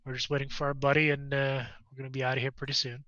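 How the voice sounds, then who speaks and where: A man's voice: mid-range voice, monotone, racing, bright, forceful tone, no echo, dull audio, lightly acted. A man voicing a guarded street mercenary with a laid-back, wisecracking manner.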